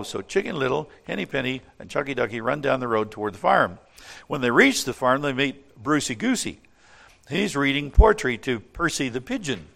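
A man reading a children's story aloud in an animated way, then speaking earnestly about faith and leading a prayer. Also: mid-range voice, moderate pace, creaky. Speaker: storyteller and preacher.

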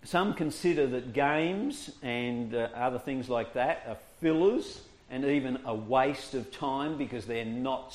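A man giving a humorous teaching talk to an audience of church workers, chuckling often and acting out quoted voices. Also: mid-range voice. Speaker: preacher training children's ministry workers.

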